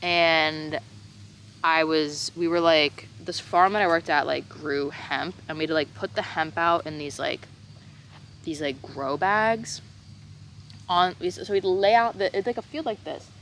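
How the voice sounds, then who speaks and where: Twenties girl doing a storytime, super dramatic, says like constantly, curses, low-ish but bright punchy voice. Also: a little slow, slight background noise, rough recording. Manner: dramatic, heavy on "like" fillers and swearing. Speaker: vlogger telling a personal story. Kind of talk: casual storytime monologue.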